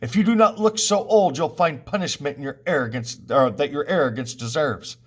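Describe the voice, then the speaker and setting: A man's voice: a little high, a little fast, husky. A teacher reading a furious, scornful king. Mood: accusing. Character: proud angry king of Thebes, man. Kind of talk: reading a play aloud.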